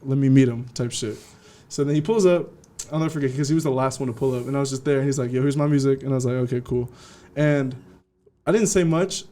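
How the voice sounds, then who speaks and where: A young man from California, a DJ guest telling his story in a casual interview, slangy and animated, acting out what people said. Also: medium pitch, quick pace. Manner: slangy, animated, acts out quotes.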